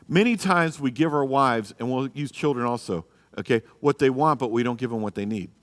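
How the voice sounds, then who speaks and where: A man pastor teaches a live marriage class in a church, blunt and exhorting as he presses the men in the room. His voice sits at an ordinary middle pitch. He peppers his talk with "you know" and "okay?". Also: moderate pace, big-room sound. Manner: acts out quoted people in a raised voice.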